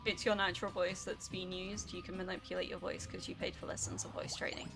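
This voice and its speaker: A woman's voice: fairly low pitch, level tone, quick pace, creaky, music in the background. A young woman, chatting casually and swearing now and then while she streams a video game. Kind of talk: casual rambling while gaming.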